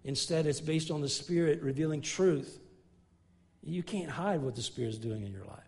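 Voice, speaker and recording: A middle-aged man preaching a sermon in an earnest way, building emphasis through repeated and restarted phrases and dropping his voice low when telling a story. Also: moderate pace, darkish tone. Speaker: pastor.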